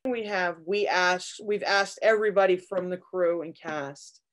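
A woman's voice: on the low side, a little slow. Woman interviewer asking questions. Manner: questions with restarts. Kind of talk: fan podcast interview.

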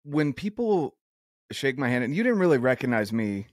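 An earnest male podcast host with a voice of middle pitch, chatting with a guest in a loose, rambling way. His voice is recorded close and dry, with no room sound. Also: very animated, normal speed, no echo. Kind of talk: casual interview chat.

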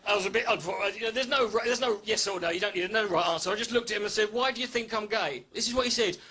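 A man's voice: high-pitched, racing, bright, forceful tone, slightly rough. A man doing a stand-up comedy set on a club stage into a handheld mic, sardonic, sweary and self-mocking. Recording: echoey live venue with crowd laughter.

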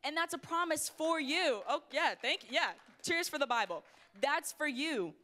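A young woman preaching to a youth crowd with a bright, fairly high voice. She is energetic and playful, calling out to the room as she goes. Her delivery is conversational and full of asides. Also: normal speed. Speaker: youth pastor. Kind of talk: youth sermon. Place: church hall before a youth crowd.

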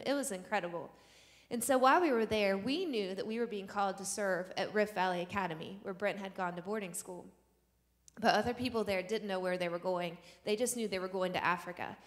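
A woman missionary sharing a personal testimony with a church audience, telling her story earnestly and acting out the dialogue. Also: medium pitch. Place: church sanctuary. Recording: long reverb of a church hall.

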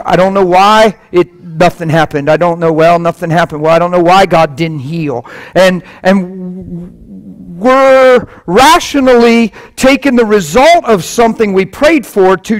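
A man's voice: high-pitched, rough recording. A man preaching a sermon in a chapel, repeating key phrases with emphasis.

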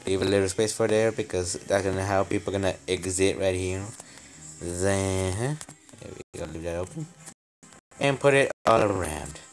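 A man's voice: deep voice, moderate pace, soft background music. A young man casually commenting on his building game, playful and rambling, making up silly stories. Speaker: game channel host.

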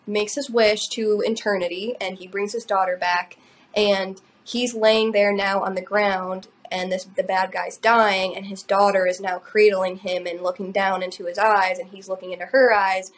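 A young adult woman shares a personal story on a podcast, in a loose, emotional, rambling way. Her voice sits at a middle pitch for a woman, and she often fills gaps with "like" and "you know.". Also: little pitch movement, a little slow. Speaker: podcast co-host. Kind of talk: personal storytelling in casual chat.

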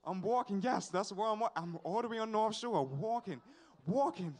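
A young man, telling a personal testimony at a church service in an animated, repetitive storytelling way with sighs and asides. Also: high-pitched, moderate pace. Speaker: church member giving a testimony.

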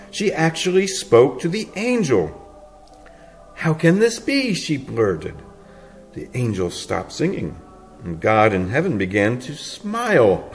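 A man narrates a storybook slowly and tenderly, with a playful lilt and the odd soft chuckle. His pitch sits in a middle range. Faint music plays quietly underneath. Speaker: audiobook reader.

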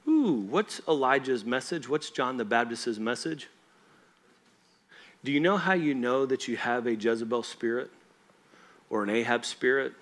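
Male pastor, conversational and emphatic preaching, regular pitch, asks the room if they're with him. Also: animated, moderate pace, pauses often, fairly bright tone. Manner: conversational and emphatic, often asks the congregation if they follow. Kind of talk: sermon. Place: church.

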